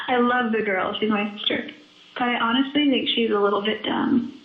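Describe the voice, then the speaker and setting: A woman's voice: fairly high pitch, unhurried, echoey room. A woman chatting and giggling on a casual phone call.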